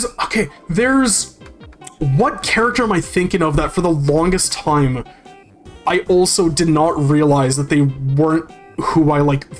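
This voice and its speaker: A game streamer chatting casually while playing, rambling and swearing freely as they read and answer chat. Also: medium pitch.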